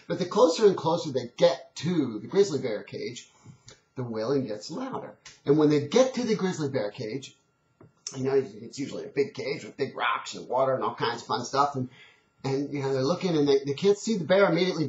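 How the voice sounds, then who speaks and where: A man giving an earnest, conversational motivational talk, telling a story and urging change. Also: medium pitch. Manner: earnest and conversational, many restarts. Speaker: motivational speaker. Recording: dull, echoey old recording.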